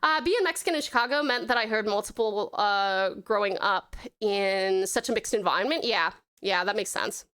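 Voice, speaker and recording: A woman's voice: mid-range voice, normal speed, hardly any pauses, a bit bright, smooth. A woman from the United States with a blended American and Australian accent, chatting as a streamer while drawing. She reads viewer messages aloud and thanks people with pet names. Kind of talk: casual live-stream chat while drawing.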